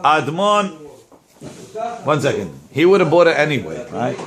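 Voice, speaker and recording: A man's voice: a little high, unhurried, crowd noise. A male rabbi teaching a Talmud class, reading Hebrew-Aramaic text and explaining it in English, acting out the claimants with a raised voice. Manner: animated, acts out the claimants with raised voice; repeats words while searching.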